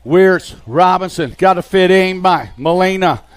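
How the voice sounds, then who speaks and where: A man giving live BMX race commentary, calling riders and positions in an excited play-by-play. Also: sits high, unhurried, clear, resonant tone. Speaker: race announcer.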